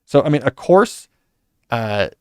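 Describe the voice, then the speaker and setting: A male podcast host rambles through a casual book review, conversational and full of asides. His mid-range voice is very animated yet unhurried, with a clean tone and clean studio sound free of echo.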